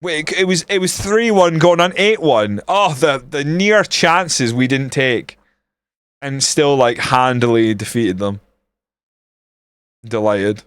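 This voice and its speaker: A man live-streaming a football management game, swearing often and reacting loudly to the match as he chats with viewers. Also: medium pitch, clean tone, dry recording, clean studio sound.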